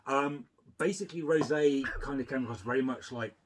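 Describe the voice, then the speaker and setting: A man co-hosting a casual review chat, giving measured, thoughtful opinions. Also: medium pitch. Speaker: podcast co-host.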